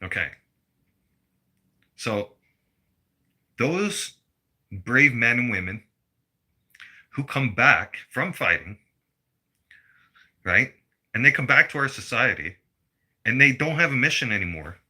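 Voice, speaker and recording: A man's voice: mid-range voice, sing-song, slow, long pauses, bright, forceful tone, husky. A middle-aged man delivering a blunt, profane personal rant to his viewers. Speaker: vlogger.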